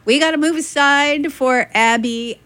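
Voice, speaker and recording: A woman's voice: high-pitched, a little slow, bright, forceful tone, dry recording. A woman radio DJ in casual on-air chat, enthusiastic and reading listener messages. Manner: chatty and enthusiastic, reads listener messages aloud.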